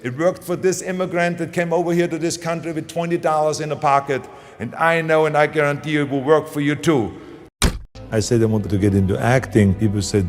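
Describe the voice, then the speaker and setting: A man's voice: fairly high pitch, a little fast, vocal fry, soft background music. An older man with a German accent giving a motivational speech, stressing key phrases and repeating them for emphasis. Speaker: public speaker.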